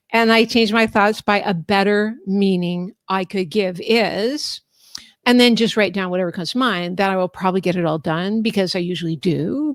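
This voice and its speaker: A woman coach walks through her method in an instructive, friendly way and often laughs. Her pitch sits in the middle range. She is on a video call with a dry, close sound. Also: no room sound. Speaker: life coach and author. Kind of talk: explaining a coaching method in a live online talk.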